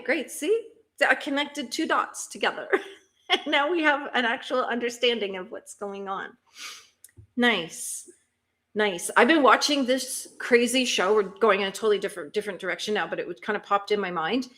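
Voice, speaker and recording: A woman's voice: a little high, lively intonation, moderate pace, a bit bright. Chatty woman hosting a livestream. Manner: chatty, asks lots of questions, laughs often. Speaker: livestream host. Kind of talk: casual chat reading viewer comments.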